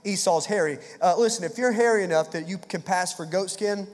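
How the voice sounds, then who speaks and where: High-voiced pastor guy preaching, jokey and casual, echoey hall. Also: a little fast. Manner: conversational, jokey, repeats words. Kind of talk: sermon.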